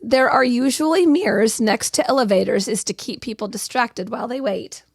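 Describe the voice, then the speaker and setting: A woman co-hosting a morning show, chatting casually and reacting quickly with giggles. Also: fairly high pitch, no echo, studio quality. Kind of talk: casual morning radio banter.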